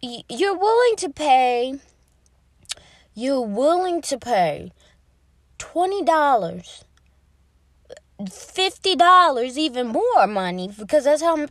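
Young woman, podcast host, rambling casual chat, slow unhurried delivery, dry close sound. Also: sits high, no room sound. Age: young adult. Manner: chatty, rambling, drifts between topics.

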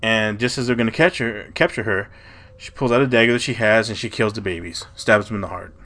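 Male podcast co-host with a lowish voice, who tells a legend in loose, casual chat. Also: a little fast, a bit bright. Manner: loose and profane, retelling a legend with frequent "you know" and "like".

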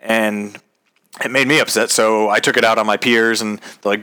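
A man's voice: lowish voice, steady tone, normal speed, bright, forceful tone. A man hosting his own podcast, talking in a casual, rambling rant full of swearing and ums. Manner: profane, rambling, frequent ums. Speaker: podcast host. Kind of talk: casual ranting monologue. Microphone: podcast microphone.

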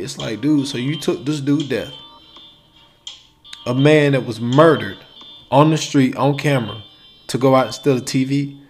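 A man's voice: medium pitch, moderate pace, pauses often, darkish tone. Casual male podcaster, faint music behind. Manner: casual, conversational, acts out quoted exchanges. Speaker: podcast host. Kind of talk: solo podcast commentary.

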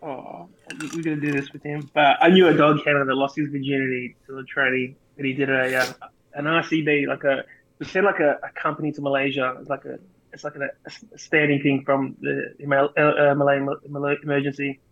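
A man's voice: medium pitch, flat delivery, fairly quick, fairly bright tone. Man, dull lo-fi sound. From Australia. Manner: profane, rambling anecdotes. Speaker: podcast co-host, army veteran. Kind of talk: casual storytelling. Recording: dull lo-fi recording.

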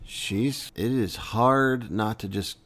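A man's voice: lowish voice, slow pace, a bit bright. A man in his thirties, a podcast co-host, chatting casually in a joking, rambling way about parenting. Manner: joking, rambling, self-deprecating. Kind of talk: casual chat.

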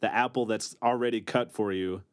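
A man's voice: on the low side, normal speed, no room sound, studio quality. A man co-hosting a casual comedy chat, joking and laughing often. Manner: jokey, animated, laughs often. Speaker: podcast co-host.

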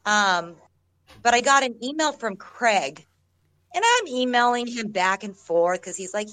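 With an expressive, mid-range voice that's slightly bright, an actress guest rambles through stories in an interview, laughing and often restarting her sentences. She speaks a little slowly. The recording is rough, with no room sound.

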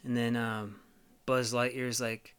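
A man hosting a podcast, telling a rambling, profane comedic monologue with lots of halting fillers. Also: medium pitch, flat delivery, a bit bright, clean tone. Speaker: podcast host.

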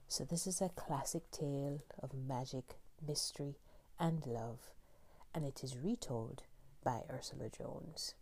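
A woman reading children's stories aloud in a soft-spoken ASMR style. She is gentle and often half-whispers. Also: rumbling low. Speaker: storyteller.

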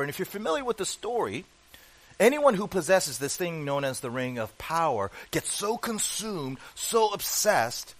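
A man's voice: medium pitch, poor audio. A man preaching a sermon as pastor, emphatic and full of rhetorical questions put to the congregation.

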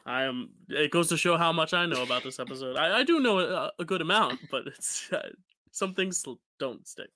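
A man's voice: fairly high pitch, lively intonation, normal speed, sharp tone, slight background noise. A young man co-hosting a casual podcast chat, talking loosely with many fillers and restarts over a home call mic. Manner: chatty, rambling with fillers and restarts. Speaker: podcast co-host.

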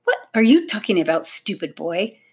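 A woman's voice: mid-range voice, very animated, normal speed, slightly rough. A woman voicing a snobbish twelve-year-old girl in a storybook reading, grand and sneering.

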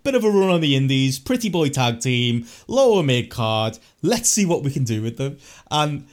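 Casting: man, podcast co-host, sweary and animated, mid-pitched. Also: normal speed. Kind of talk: casual chat.

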